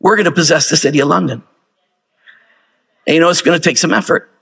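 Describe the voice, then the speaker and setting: A man's voice: on the high side, fast, gravelly, fairly bright tone, slightly rough. A male pastor delivering a sermon in a casual, conversational way, firing off rhetorical questions to the congregation.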